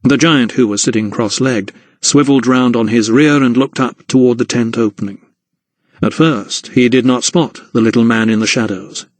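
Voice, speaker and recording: A man reads an audiobook in a measured, steady storytelling voice of middling pitch. The recording is dry and close, with no room sound at all. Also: dry recording. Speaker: audiobook narrator. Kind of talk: scripted narration.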